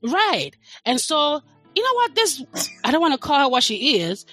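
A woman's voice: high voice, very animated, normal speed, a bit bright, no room sound, soft background music. A middle-aged woman, talking as a podcast guest in a passionate, emphatic way, leaning hard on her words. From Nigeria. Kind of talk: casual chat.

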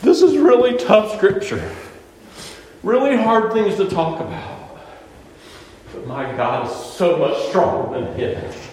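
A man's voice: high voice, slight background noise. A man preaching a sermon to his congregation as pastor, impassioned and calling out members by name, recorded in a church sanctuary. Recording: echoey hall with long reverb.

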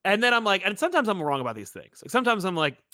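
Bright, lively man rambling about movies. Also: sits high, racing, dry recording, studio quality. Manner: rambling, profane, full of fillers and restarts. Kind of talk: casual movie discussion.

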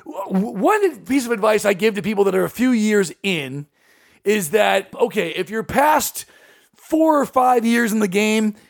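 High-voiced, gravelly male comedian host. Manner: animated, joking, quick to laugh. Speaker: podcast host and stand-up comedian. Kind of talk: casual podcast chat.

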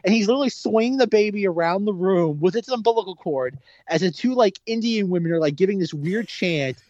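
A podcast co-host rambling through film scenes, full of fillers. The voice sits at a middle pitch in dull, dry lo-fi audio. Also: animated, fairly quick, darkish tone, dry recording. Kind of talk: casual film-discussion chat.

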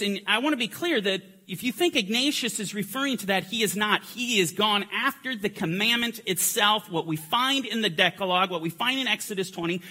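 A man teaching a Bible lesson in an emphatic way, pressing his points harder as he goes. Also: high-pitched. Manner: emphatic, building to forceful climaxes. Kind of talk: teaching lecture.

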